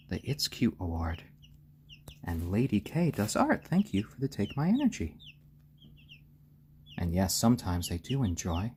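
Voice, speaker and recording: A man hosting a casual live stream, gently soothing and hushing his baby chicks and thanking viewers. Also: fairly low pitch, slight background noise. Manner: reads out viewer names and thanks them.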